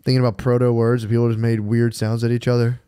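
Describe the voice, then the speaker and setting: A man's voice: medium pitch, monotone, fast talker, dark tone, clear, resonant tone. A young man co-hosting a casual podcast chat who laughs a lot and slips into silly put-on voices. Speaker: podcast co-host.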